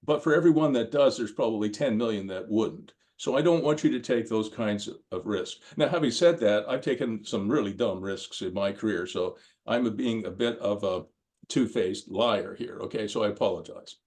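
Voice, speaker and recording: A man's voice: fairly low pitch, normal speed, darkish tone. Older man giving a rambling lecture. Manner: rambling storyteller, frequent ums and restarts. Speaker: course lecturer. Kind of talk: conversational lecture with anecdotes.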